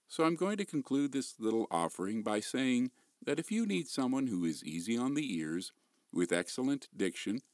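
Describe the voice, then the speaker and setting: A man voice actor delivering a polished voiceover demo pitch that showcases his range of voices and accents, recorded close on a studio mic. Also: a little mellow, no echo.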